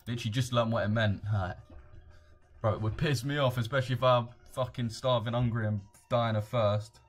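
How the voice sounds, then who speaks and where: A man's voice: mid-range voice, steady tone, fairly quick, faint music behind. A young man with a London accent, chatting casually and rambling in slang on a live trading stream. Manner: slangy, rambling, reads chat aloud.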